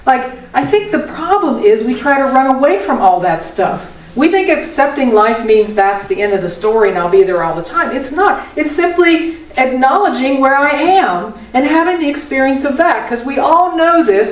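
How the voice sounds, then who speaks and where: An older woman giving a folksy, conversational spiritual talk. She repeats phrases and asks her listeners rhetorical questions. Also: high-pitched. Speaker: spiritual teacher. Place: meeting room of a spiritual center. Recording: echoey room, voice from a distant mic.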